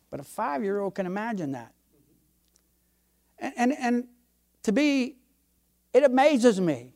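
A man's voice: very high-pitched, very animated, slow, creaky, pauses often, darkish tone. An older man, a pastor, preaching a sermon with emphatic, folksy delivery and homespun stories.

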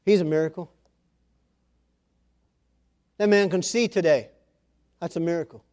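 A man preaching a sermon as pastor, talking casually with his congregation, calling on people by name and building to loud, emphatic lines. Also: fairly high pitch, unhurried. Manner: conversational, calls on members of the congregation by name.

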